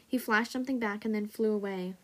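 A woman hosting a story podcast reads a story aloud in a steady, even manner. Her voice is mid-range and her pace brisk.

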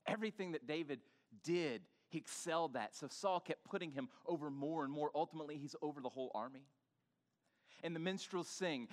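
A male pastor preaching an animated sermon in church, bantering with the congregation and urging them to talk back. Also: fairly high pitch, normal speed, big-room sound. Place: church sanctuary.

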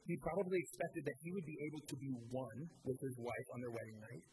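A man's voice: medium pitch, lively intonation, quick pace, darkish tone, a little hiss or hum, poor audio. A young American man preaching a sermon in a church, telling stories casually with lots of fillers. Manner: storytelling, casual with many fillers. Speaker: pastor.

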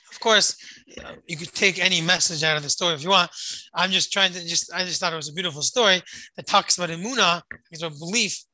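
A storyteller retelling an emotional story, dramatic, repeating phrases for emphasis and swinging between rising intensity and hushed lines. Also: medium pitch, no room sound, low-quality recording.

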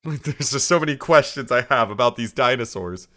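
A man's voice: mid-range voice, fairly quick. A man casually recapping an episode with friends, rambling with lots of fillers. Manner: rambling, relaxed storytelling with many fillers. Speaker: podcast co-host recapping an episode. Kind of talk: casual chat.

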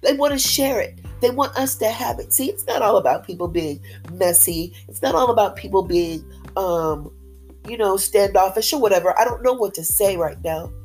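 An upbeat woman delivering a faith-based motivational talk with lots of pep in her voice. She leans on repeated phrases to drive her points home, and soft music plays faintly behind her. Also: mid-range voice, moderate pace, low-quality recording. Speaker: motivational speaker.

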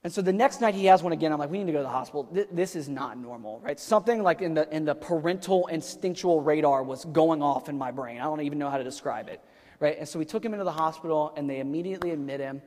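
A man's voice: fairly high pitch, fast talker, a little mellow. Conversational man preaching in a reverberant hall. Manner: conversational, rhetorical questions, frequent fillers. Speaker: pastor. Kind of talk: sermon with personal story. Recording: long reverb of a large hall.

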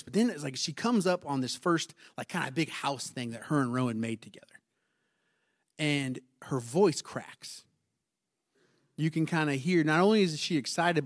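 Tinged male pastor preaching casually. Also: on the high side. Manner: conversational, asks the congregation questions. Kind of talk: sermon.

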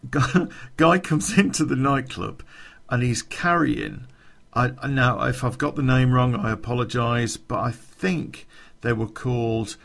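A man's voice: mid-range voice, unhurried, vocal fry, fairly bright tone. A man telling a rambling podcast anecdote, chuckling and swearing as he goes. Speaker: podcast storyteller.

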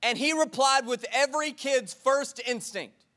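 A man preaching a sermon to his congregation in church, energetic and exhorting, drawing call-and-response from the crowd. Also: extremely high pitch, unhurried. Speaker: pastor.

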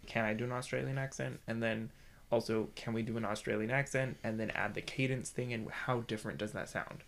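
A man's voice: medium pitch, fairly even intonation, brisk, vocal fry. A man co-hosting a podcast and running a tabletop game, chatting in a thoughtful, hesitant way as he thinks aloud. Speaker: podcast co-host, game master. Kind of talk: casual chat.

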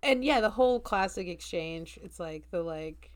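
A woman's voice: on the low side, lively intonation, normal speed. Chatty woman podcast co-host. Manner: chatty, laughs often, many fillers. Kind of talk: casual chat.

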